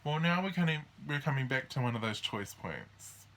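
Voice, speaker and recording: A man with a mid-range, expressive voice and a sharp tone hosts a casual astrology walkthrough, rambling and hesitating with lots of ums and restarts. He acts out each sign in quick quoted voices, over a little hiss or hum.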